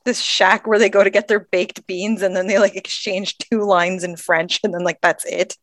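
A woman's voice: mid-range voice, little pitch movement, normal speed, a bit bright, no room sound. A woman from Canada co-hosting a podcast, chatting casually in a rambling, wry way. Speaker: podcast co-host.

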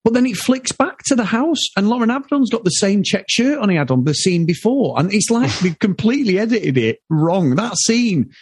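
A man's voice: high voice, big pitch swings, fairly quick, hardly any pauses, a little mellow, husky, dry recording, studio quality. A British man in his thirties co-hosting a podcast, chatting casually and animatedly about a film, swearing and laughing often. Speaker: podcast co-host. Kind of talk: casual film review chat.

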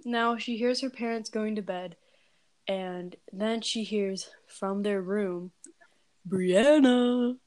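A woman's voice: mid-range voice, steady tone, slow, no echo. A woman casually telling a scary story, rambling with lots of fillers and valley-girl phrasing.

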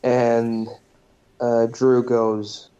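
Podcast guy slowly retelling a movie, swears a lot, ums everywhere, muffled lo-fi sound. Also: mid-range voice, flat delivery, dark tone. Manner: loose and profane, with frequent fillers. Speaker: podcast host. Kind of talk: casual movie recap. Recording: dull lo-fi recording.

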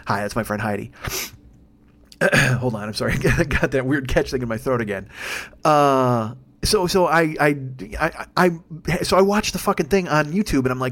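A man's voice: medium pitch, moderate pace, fairly bright tone. A man hosting a podcast on his own, rambling in a profane, self-deprecating monologue full of restarts. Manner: frequent restarts and stammers. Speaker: podcast host. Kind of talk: casual solo monologue.

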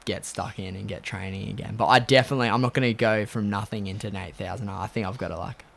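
A man, a podcast guest, talking in a laid-back, soft-spoken way in casual chat. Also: fairly low pitch, steady tone, fast, creaky.

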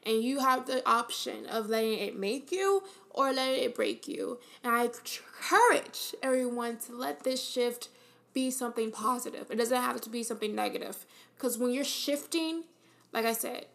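A woman's voice: on the high side, lively intonation, moderate pace, gravelly, a bit bright. A woman hosting a podcast, giving an earnest, encouraging motivational monologue with casual fillers and repeated key phrases. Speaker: podcast host.

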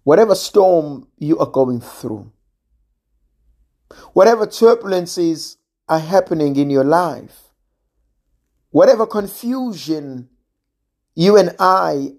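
A preacher giving a sermon in a measured, gently emphatic way, pausing often. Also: mid-range voice, expressive. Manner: slow, measured, with gentle emphasis and long pauses.

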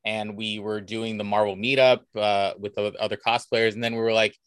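Animated American man telling stories. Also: on the low side, normal speed, smooth, no echo. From United States. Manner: animated, enthusiastic anecdote telling. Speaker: cosplayer guest. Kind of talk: casual conversational storytelling.

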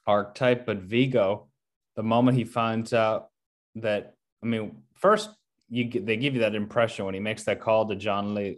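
Low-voiced man talking films. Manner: animated, acts out movie quotes. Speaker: co-host discussing films. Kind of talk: casual film discussion.

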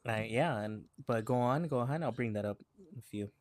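Co-host, casual chat, middle pitch, dry recording, laughing, teasing. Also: moderate pace, darkish tone, no room sound. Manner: laughs often, teasing questions. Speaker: podcast co-host.

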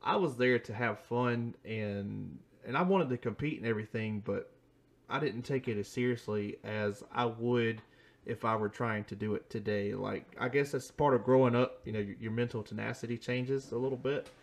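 Podcast host, male, 30s, mid pitch, easygoing, rambling, quick to laugh. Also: gravelly. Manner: laid-back, laughs easily, rambling asides. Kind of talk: casual podcast chat.

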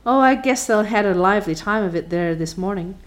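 A woman's voice: medium pitch, lively intonation, brisk, close to an everyday voice. A woman voicing an opinionated older village woman in an audiobook, gossipy and self-assured. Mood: gossiping. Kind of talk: audiobook character voice.

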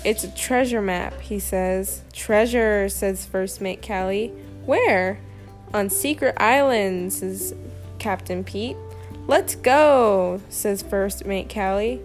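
A woman reading a children's picture book aloud, slowly and expressively. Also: medium pitch, soft background music. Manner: slow, expressive reading with lively character lines. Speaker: storybook reader.

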